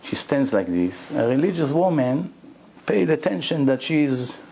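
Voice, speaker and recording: A male rabbi telling a story in a lecture, animated and acting out the dialogue in broken English. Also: fairly high pitch, a little slow, creaky, a little hiss or hum. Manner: broken, non-native-sounding English grammar.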